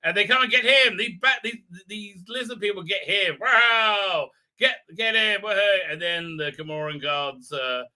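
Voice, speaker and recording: A man with a very bright, ringing voice hosts a live stream and talks through a show, rambling with plenty of filler and mockery. His pitch sits a little high for a man, and he keeps breaking into goofy put-on voices. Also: normal speed, hardly any pauses. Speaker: show host.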